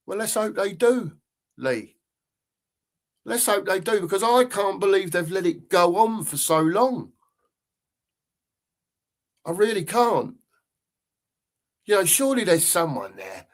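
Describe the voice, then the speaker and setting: A man's voice: sits high, lively intonation, a little slow, long pauses. An older man, chatting casually as host of a live fan stream, rambling and repeating himself as he reads out viewer comments.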